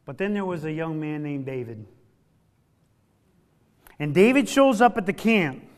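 A man preaching a sermon in a folksy way, dropping from loud emphatic lines to hushed, low ones and stretching key words for weight. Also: very animated, unhurried.

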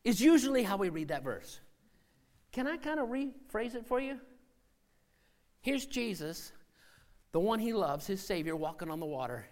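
A man preaching a sermon as a missionary, acting out scenes and voices and swinging from shouting to hushed tones. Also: sits high, sing-song, moderate pace, long pauses.

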